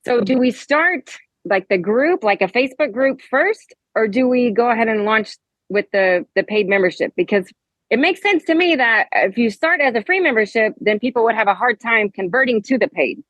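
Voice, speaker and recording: A woman's voice: on the high side, animated, moderate pace, a bit bright, dry recording. A middle-aged woman from Texas with a Texas accent, calling in to a podcast from outside at her job and chatting in a friendly, giggly way. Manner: friendly and giggly, talks in loose restarts. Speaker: caller. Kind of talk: casual call-in chat. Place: outdoor alley at her workplace. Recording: dull, lo-fi call line.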